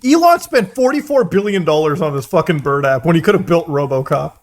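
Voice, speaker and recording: A man's voice: fairly high pitch, animated, a little fast. A man guesting on a casual podcast, blunt and profane, laughing as he makes his points.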